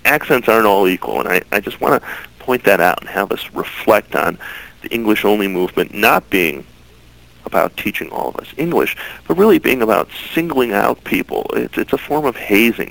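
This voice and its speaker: Earnest male interview guest, gravelly and animated. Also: on the low side, brisk, low-quality recording. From United States. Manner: earnest, repeats words when starting phrases. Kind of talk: interview answers.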